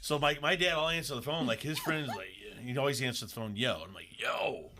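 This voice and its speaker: A man's voice: mid-range voice, quick pace, background noise. A man co-hosting a radio talk show, chatting loosely with many fillers. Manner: relaxed, chatty, filler-heavy. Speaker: radio host.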